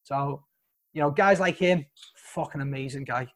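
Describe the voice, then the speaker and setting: A man with a Liverpool accent speaks in a fairly high register. He talks bluntly and swears freely as he tells his story. He sounds like a guest on a video-call podcast. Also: normal speed, fairly bright tone. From Liverpool, England. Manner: blunt and sweary, emphatic praise. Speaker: guest, soldier.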